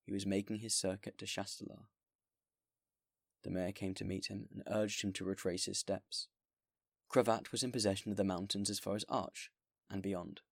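A man hosting a podcast and reading a classic novel aloud in a steady, measured way. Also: on the low side, creaky, dry recording, studio quality. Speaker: podcast host and reader.

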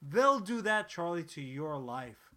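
A man with a slightly high, sharp and tense voice chats casually as a podcast co-host. He rambles through the story, swears freely and keeps restarting his sentences. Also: measured pace. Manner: rambling, profane, animated storytelling with frequent restarts. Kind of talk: casual chat.

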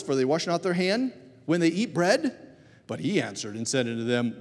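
A man preaching a sermon, telling stories with animated delivery and acting out quoted voices. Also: high voice. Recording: reverberant hall.

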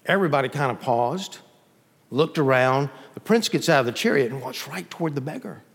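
A male pastor preaching a sermon in a church, emphatic, swinging from loud peaks to soft drops. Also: medium pitch, expressive, a little fast, breathy edge, long reverb tail.

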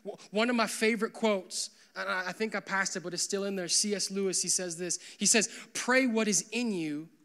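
A young man preaching as pastor, with a bright voice that sits high for a man. He keeps his sermon loose and conversational, full of "like" and quick asides to the church. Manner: conversational, animated, full of "like" fillers.

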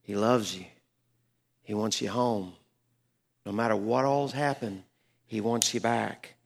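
A man's voice: on the low side, takes it slowly, gravelly, pauses often. A middle-aged man, a pastor, telling a story in a sermon, earnest and building to emphatic peaks.

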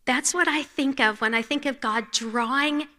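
A woman from North Carolina with a Southern accent speaks earnestly at a women's conference, often sinking to a soft hush. Her voice sits fairly high and sounds bright and clear. The long reverb of a large church hall trails after each phrase. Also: normal speed. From North Carolina, USA. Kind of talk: devotional talk.

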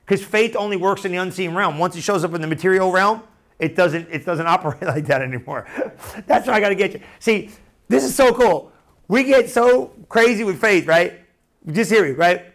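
A man's voice: sits high, moderate pace. A man preaching a sermon in a loose, conversational way, often restarting phrases and asking the room if they follow. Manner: conversational, animated, repeats and restarts phrases, asks the room questions.

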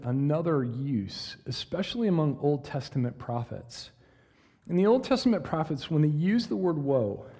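Male Bible teacher, mellow voice on the higher side, lively delivery, big reverberant hall. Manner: animated, asks listeners questions, reads verses dramatically. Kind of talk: conversational Bible lesson.

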